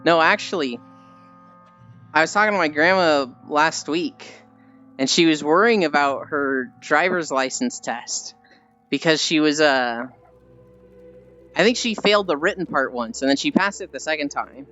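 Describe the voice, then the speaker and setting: A young adult streamer chatting casually with viewers, telling animated stories and swearing freely. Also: medium pitch, unhurried. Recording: slightly dull stream audio with faint music.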